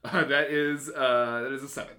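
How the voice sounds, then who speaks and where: A man's voice: mid-range voice, fairly even intonation, normal speed, background noise. A man playing a tabletop game with friends, playful and giggly as he narrates his character's actions. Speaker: player.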